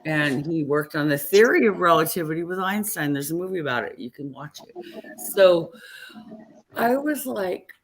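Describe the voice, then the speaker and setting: A woman's voice: low-pitched, expressive, fairly quick, slight background noise. A middle-aged woman, tipsy and tired, telling rambling family stories in a casual late-night chat. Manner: rambling storyteller, chatty and warm with the family. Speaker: guest on a live stream.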